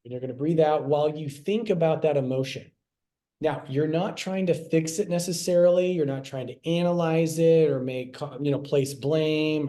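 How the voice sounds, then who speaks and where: Slightly high and warm, this middle-aged man's voice moves at a moderate pace as he gives a relaxed health class. He talks conversationally, says things more than once, and acts out short quotes.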